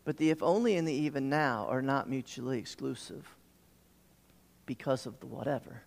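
A man's voice: mid-range voice, normal speed, gravelly, big-room sound. A man preaching a sermon as pastor, repeating words and restarting as he builds emphasis.

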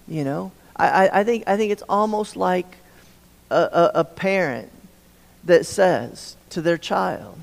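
A man's voice: on the high side, a little slow, vocal fry. A man preaching a sermon, often stammering and repeating words as he acts out the dialogue he quotes. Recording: long hall reverb.

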